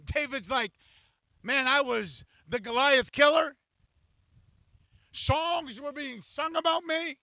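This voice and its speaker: A man preaching a sermon in church, speaking scripture aloud in the first person and rising to impassioned shouts. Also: very high voice, slow, long pauses, dry recording, rough recording. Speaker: pastor.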